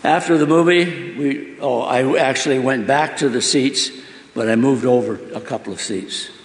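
A man's voice: mid-range voice, moderate pace. Earnest male storyteller, emotional testimony, pleading questions; long hall reverb. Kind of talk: emotional first-person spoken testimony.

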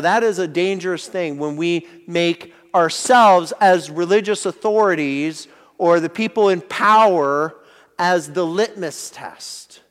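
A man's voice: on the high side, long reverb tail. A man preaching a sermon as a pastor, explaining a passage in a conversational teaching manner with frequent restarts.

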